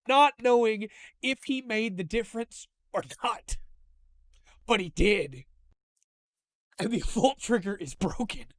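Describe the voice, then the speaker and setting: Emotional high-voiced male reviewer. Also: no room sound, studio quality. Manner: enthusiastic, openly emotional fan retelling. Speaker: host. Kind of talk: casual review monologue.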